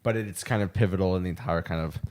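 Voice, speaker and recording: A man co-hosting a casual film podcast, making wry, quick asides. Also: sits low, a little mellow. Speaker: podcast co-host.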